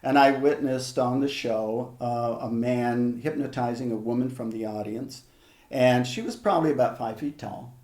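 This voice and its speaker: An older man working as a hypnotherapist, telling stories in an interview in a measured, conversational way with frequent restarts. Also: medium pitch, fairly even intonation, a little mellow, reverberant. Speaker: hypnotherapist guest. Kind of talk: reflective storytelling in an interview.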